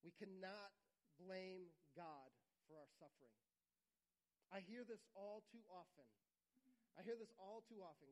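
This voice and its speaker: A man preaching a sermon, earnest and repetitive, sometimes dropping to a quiet, intimate tone. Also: sits high, unhurried, rough recording. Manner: earnest, repeats phrases for emphasis, drops to quiet intimate tones. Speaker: pastor.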